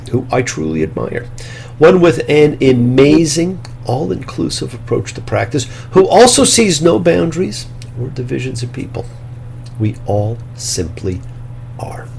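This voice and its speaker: A man, a rabbi and show host, giving a sermon-style Torah teaching in a slow, dramatic way with hushed, whispered phrases. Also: medium pitch, creaky, a little hiss or hum.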